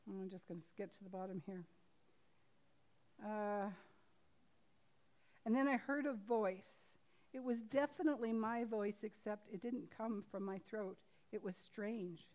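A woman preaching a sermon and reading a story aloud from a book. She talks earnestly and haltingly, full of restarts, and swings from loud emphasis to a hushed hush. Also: fairly high pitch.

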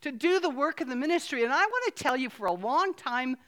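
A middle-aged woman pastor preaching a sermon in a church, earnest and conversational with playful asides and slowed-down emphasis. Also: high voice, lively intonation, fairly bright tone. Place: church sanctuary, filmed. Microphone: filmed on camera.

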